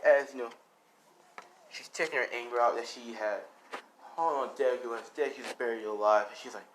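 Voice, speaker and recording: A man's voice: mid-range voice, moderate pace, fairly bright tone, a little hiss or hum. A man narrating an improvised fan story in a rambling way, full of fillers. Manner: rambling, full of "you know".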